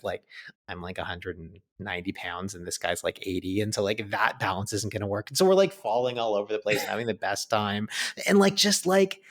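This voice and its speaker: A man, a podcast guest, telling a personal story in a chatty way, full of filler words. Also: on the low side. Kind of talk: storytelling in an interview.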